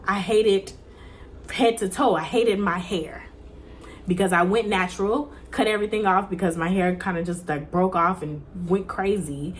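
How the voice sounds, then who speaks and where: A young woman vlogger with a slightly low voice gives a personal faith testimony straight to camera, with a little hiss or hum in the audio. She speaks earnestly, using repetition and emphasis. When reliving her prayers, she drops into soft, breathy near-whispers.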